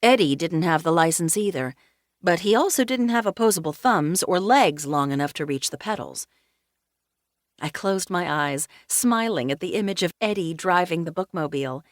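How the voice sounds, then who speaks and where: A woman narrating a cozy mystery audiobook in first person, with a wry, deadpan humor. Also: on the low side, normal speed, no echo, studio quality.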